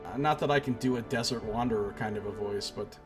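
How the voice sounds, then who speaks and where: A man's voice: fairly low pitch, quick pace, music in the background. A young man hosting a game stream, musing aloud in casual, half-mumbled commentary. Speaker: let's play host.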